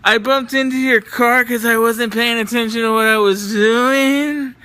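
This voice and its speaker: A man's voice: extremely high pitch, fairly even intonation, bright, forceful tone, smooth, no room sound, voice pushed up, heavily acted. A man putting on a dazed, stammering woman. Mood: dazed apologetic. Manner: slow, halting, stammering apologies. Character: dazed stumbling woman on drugs, apologetic.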